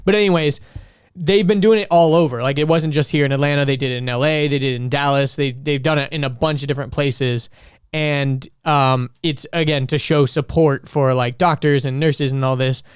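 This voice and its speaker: A man's voice: fairly high pitch, steady tone, a little fast, clear, resonant tone, no room sound, clean studio sound. A young man co-hosting a podcast, telling stories in a rambling casual way full of "like.". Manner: rambling, filler-heavy storytelling with many "like"s. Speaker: podcast co-host.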